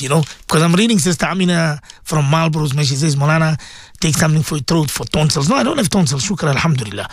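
A man preaching on the radio, animated and repetitive, clearing a sore throat often. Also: a little high, rapid-fire, no room sound. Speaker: radio presenter and Islamic scholar. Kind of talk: preaching on air to listeners. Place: radio studio.

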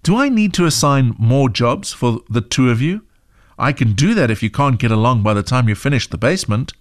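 A man's voice: mid-range voice, lively intonation, a little fast, no room sound, studio quality, close to an everyday voice. A man voicing a stern but caring mother who scolds her two children. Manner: firm, scolding.

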